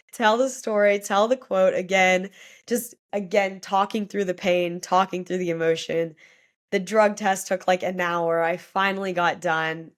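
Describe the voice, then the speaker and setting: A young woman speaks as a podcast guest, her voice sitting a little low for a woman. She tells a hard personal story openly and with feeling, dropping "like" often as she goes. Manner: candid, emotional storytelling, often saying "like". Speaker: guest athlete.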